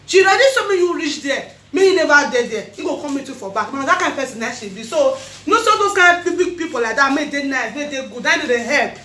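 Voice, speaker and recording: A woman speaking Nigerian Pidgin English, giving a lively birthday shout-out to camera with frequent laughter. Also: high voice, roomy sound. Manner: animated, laughing often, rapid bursts. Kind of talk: excited casual monologue to camera.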